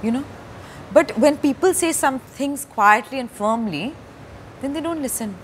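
A woman's voice: high voice, expressive, a little slow. Woman, stage interview guest, hesitant, fillers, faint hiss behind. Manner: hesitant, many fillers, soft-spoken. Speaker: actor and director, interview guest. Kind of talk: candid live interview on stage. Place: stage before a live audience.

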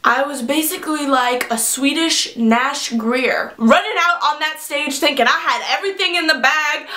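A young woman vlogger telling a comic personal story, animatedly acting out the quoted lines with sudden high jumps. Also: bright, forceful tone, reverberant.

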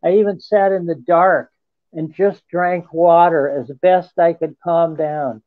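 A man, a guest in an interview, telling a first-person account in an earnest, halting way. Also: fairly high pitch, steady tone, no echo. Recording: tinny phone line, dry.

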